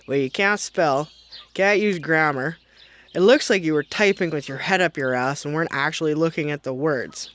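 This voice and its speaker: A man's voice: a little high, fairly quick, fairly bright tone. A man playing a brash foul-mouthed middle-aged mom, ranting sarcastically and mockingly to the camera in a comedic vlog. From Canada. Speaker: comedy vlogger.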